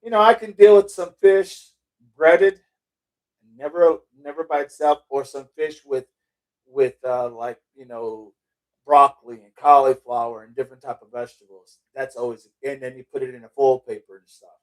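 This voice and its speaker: A man's voice: medium pitch, normal speed. A middle-aged man hosting a casual livestream, reading out viewer chat and rambling off on tangents, laughing and swearing casually. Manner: rambling, loses his train of thought, laughs and swears casually.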